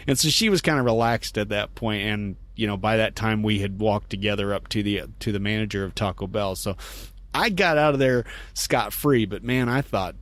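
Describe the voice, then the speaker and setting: A man hosting a podcast, telling a story in a casual, animated way and laughing as he quotes people. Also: fairly low pitch, a little fast, no echo. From United States. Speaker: podcast host.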